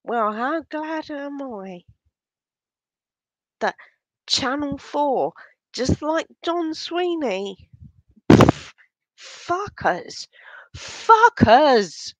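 A woman talks straight to her viewers in an agitated, shaken rant, swearing constantly and tripping over her own restarts. Her voice sits a little high and she drags her words out slowly. The sound is dry and close, with no room echo. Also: lively intonation. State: angry and shaken. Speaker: vlogger. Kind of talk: casual unscripted vlog rant.

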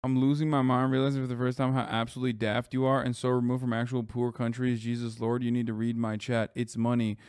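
A man's voice: medium pitch, flat delivery, fast, hardly any pauses, darkish tone, clear, resonant tone, no room sound, clean studio sound, faint music behind. A man hosting a live stream, reacting to a video with blunt, profane, combative commentary. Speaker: livestream host.

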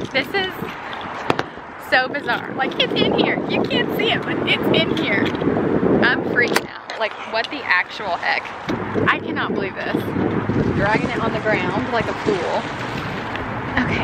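A young woman, chatting excitedly in a casual vlog, says "like" a lot. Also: sits high, very noisy. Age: young adult. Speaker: vlogger. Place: in and around a car, partly outdoors in wind.

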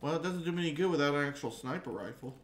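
A man's voice: on the high side, expressive, racing. A man hosting his game stream, chatting easily with friends and laughing often. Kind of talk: casual gaming banter. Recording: echoey room with faint noise.

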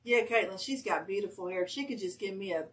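A woman's voice: mid-range voice, fairly quick, far from the mic. A woman, chatting casually as a livestream guest and telling stories with a laugh at herself. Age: 50s. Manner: lively storytelling, laughs at herself. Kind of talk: casual chat.

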